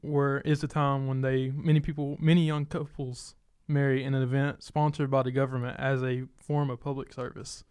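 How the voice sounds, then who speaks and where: A man's voice: mid-range voice, level tone, moderate pace, darkish tone, smooth. A man co-hosting a casual podcast with laid-back short replies. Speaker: podcast co-host. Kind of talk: casual chat.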